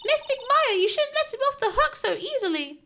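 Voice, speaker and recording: A woman voicing a sweet, timid little girl who gushes in a squeaky, breathless voice. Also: big pitch swings, fairly quick, pushed and bright, full character voice. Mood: indignant.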